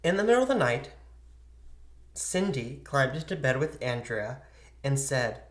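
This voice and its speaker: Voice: mid-range voice, big pitch swings, measured pace. Chatty podcast host telling a story. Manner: chatty retelling, acts out quoted people. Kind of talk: casual storytelling.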